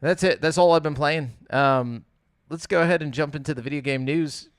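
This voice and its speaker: Rambling casual man with a smooth, dry voice. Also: a little high, moderate pace, hardly any pauses, dry recording. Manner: rambling, filler-heavy, laughs a lot. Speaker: podcast host. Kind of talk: casual gaming podcast chat.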